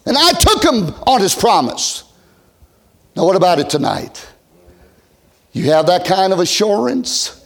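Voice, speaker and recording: A middle-aged man preaching a revival sermon, folksy, swinging from loud shouts to hushed near-whispers. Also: sits high, sing-song, measured pace, creaky, long pauses. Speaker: pastor.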